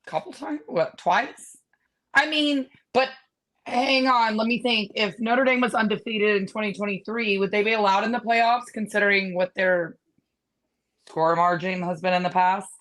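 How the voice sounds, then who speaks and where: A woman's voice: mid-range voice, normal speed, fairly bright tone. A woman co-hosting a sports podcast, ranting bluntly and mocking rival teams in casual chat. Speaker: podcast co-host.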